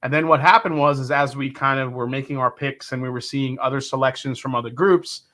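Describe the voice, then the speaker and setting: Man, middle-aged, livestream host, casual chat, enthusiastic, rambling, bright forceful tone. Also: mid-range voice, a little fast. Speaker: livestream whiskey reviewer.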